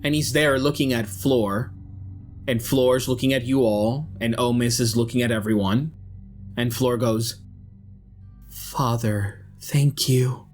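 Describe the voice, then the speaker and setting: A man runs a tabletop game, describing the scene in slow, measured narration. Faint music plays under his voice. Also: medium pitch, fairly even intonation. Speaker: game master.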